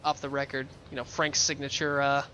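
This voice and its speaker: A man's voice: medium pitch, completely flat delivery, a little fast, bright, forceful tone, slight background noise. A man giving casual, playful commentary while playing a video game, chatty and rambling. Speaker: let's play gamer.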